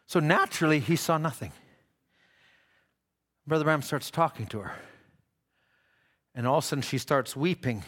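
Bright, forceful preacher man. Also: on the high side, expressive, normal speed, long pauses. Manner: storytelling, acting out quoted dialogue. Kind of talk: sermon.

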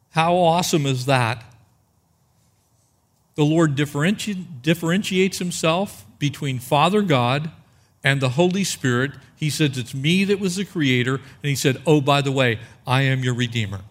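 A man preaching a sermon, reading verses aloud and asking rhetorical questions, slowing down to stress key phrases. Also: fairly high pitch. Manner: expository preaching, rhetorical questions, slows for emphasis. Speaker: pastor.

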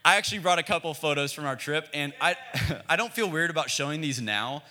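A man's voice: on the high side, expressive, brisk, pushed and bright. A young American man preaching a sermon in a casual, joking way, asking the congregation to repeat phrases back. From United States. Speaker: pastor.

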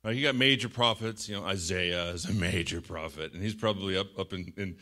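Middle-aged male preacher, animated sermon delivery, bright forward tone. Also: low-pitched, a little fast. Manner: animated, shouts out quoted lines, laughs often. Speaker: pastor.

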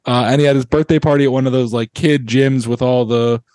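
A man's voice: medium pitch, steady tone, brisk, a little mellow, no room sound, clean studio sound. A young man, a podcast co-host, telling a rambling story in casual hockey chat and laughing often.

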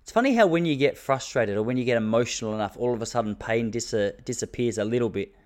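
A man's voice: medium pitch, lively intonation, quick pace. An Australian man in his thirties hosts his own podcast alone. He talks casually and rambles from story to story. He jokes a lot and slips into mock rants. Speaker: podcast host. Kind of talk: casual solo podcast chat.

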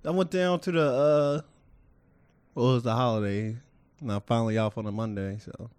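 A man's voice: mid-range voice, steady tone, moderate pace, darkish tone, clear, resonant tone, no room sound. A man co-hosting a casual podcast, blunt and laid-back, trailing off into fillers. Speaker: podcast co-host. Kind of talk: casual chat.

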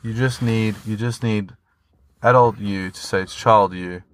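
A man's voice: lowish voice, fairly even intonation, unhurried. A man, a fitness coach, talking earnestly and motivationally as a podcast guest, with some casual swearing.

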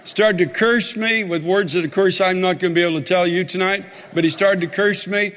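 A male pastor preaching a sermon and telling a story, animated and repeating phrases for emphasis. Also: sits high, moderate pace. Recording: long hall reverb.

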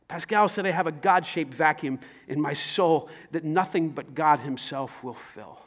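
Pastor, male, high voice, dynamic sermon delivery moving between emphatic and quiet. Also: normal speed. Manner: dynamic preaching, swings from loud to hushed.

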